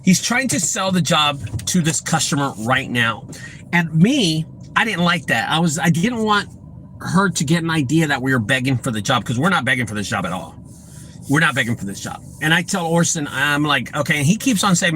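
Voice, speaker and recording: Man, business owner, bright, punchy storyteller, faint vehicles behind. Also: on the high side, animated, fairly quick, a little hiss or hum, low-quality recording. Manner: blunt, emphatic, repeats key lines; acts out quoted dialogue in his telling. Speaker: junk removal business owner. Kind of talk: storytelling vlog.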